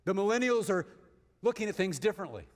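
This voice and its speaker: In a church sanctuary with the long echo of a big hall, a male guest preacher with a high voice gives a sermon. He's very animated and talks fast, shifting from forceful, emphatic points to soft storytelling.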